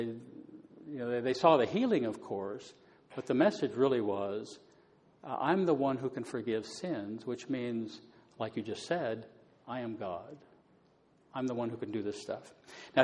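A man explaining Bible passages in a relaxed, conversational teaching style, with many fillers. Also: mid-range voice, big-room sound. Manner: conversational, many fillers, paraphrases scripture casually.

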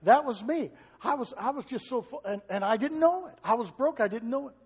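A man's voice: very high-pitched, animated, brisk, husky, long reverb tail. A male pastor preaching a sermon, talking to the congregation in a conversational way and asking it questions.

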